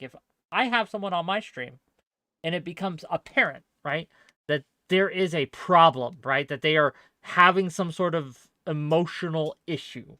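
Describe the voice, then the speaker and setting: A streamer hosting a live debate panel, talking in a bright, forceful voice. The sound is dry and close, and the host often stops to rephrase mid-sentence. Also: medium pitch, no echo.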